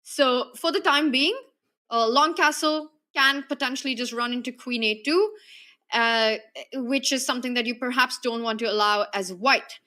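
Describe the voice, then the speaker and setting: A woman's voice: a little high, moderate pace, sharp tone. A young woman commentating live on a chess game, analytical and playful with her co-host.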